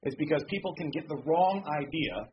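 A male pastor delivers a sermon in a slightly raised voice, speaking casually and checking in with "okay?" as he goes. He slows right down to read scripture. The recording sounds dull and lo-fi, with faint noise underneath. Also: fairly high pitch, animated. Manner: conversational, frequent "okay?" check-ins; reads scripture slowly and deliberately.

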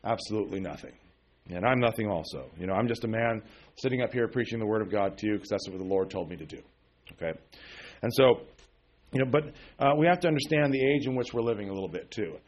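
A man's voice: on the low side, expressive, fast, darkish tone, dull audio. A middle-aged man preaching a sermon as pastor, talking in a loose, conversational way with many fillers and asides, and rising with emphasis on key words.

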